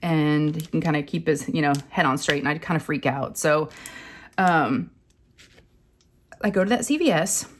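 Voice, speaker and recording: A woman's voice: low-pitched, normal speed, pauses often, a little hiss or hum. Chatty woman telling a story. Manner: chatty, rambling, animated retelling with acted quotes. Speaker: craft channel host. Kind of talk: casual storytelling to camera.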